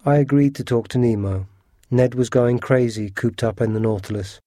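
Mellow man narrating a storybook. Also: medium pitch, moderate pace, dry recording, clean studio sound. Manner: steady, earnest first-person storytelling.

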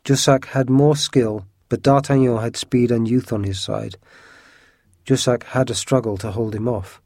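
A man narrating a classic adventure story in an even, measured storytelling manner. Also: medium pitch, no echo, clean studio sound. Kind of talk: storybook reading.

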